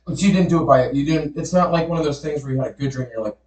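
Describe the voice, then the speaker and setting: Casting: man, quick reactive co-host, echoey room, away from mic. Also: a little high, darkish tone. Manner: short reactive interjections. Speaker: podcast co-host. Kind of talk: casual chat. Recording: roomy, distant mic.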